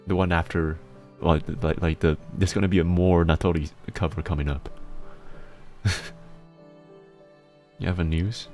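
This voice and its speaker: A man streaming casually with a deep bass voice, relaxed and often chuckling, talking in fits and restarts. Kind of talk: casual chat with chat readers.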